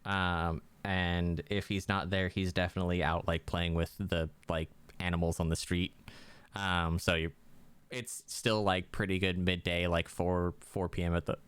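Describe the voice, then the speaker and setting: Chill gm guy, deep smooth voice, dry close sound, lots of likes and you knows. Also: level tone, measured pace, a bit bright, no room sound. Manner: casual, loose, full of fillers and restarts. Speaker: game master. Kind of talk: narrating a tabletop game.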